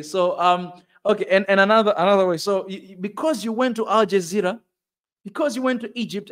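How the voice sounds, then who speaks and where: Tanzanian man, high-pitched, emphatic, repeats his points, channel host. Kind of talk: opinion monologue.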